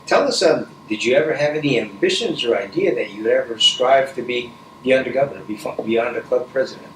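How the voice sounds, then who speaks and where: A man's voice: mid-range voice, brisk. A man interviewing a guest, encouraging her with frequent short affirmations. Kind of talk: interview host. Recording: echoey room, from a distance, faint noise.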